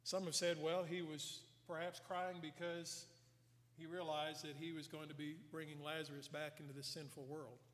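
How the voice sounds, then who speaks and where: A man preaching a sermon, earnestly retelling scripture and dropping his voice soft for emphasis. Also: a little high, flat delivery, moderate pace. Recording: long hall reverb.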